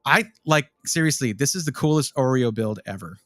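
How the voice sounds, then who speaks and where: A man's voice: mid-range voice, normal speed, no echo, studio quality, soft background music. A man chatting casually on a live stream, reviewing gaming PC parts and rambling as he answers his chat. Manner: animated, rambling, talks to chat.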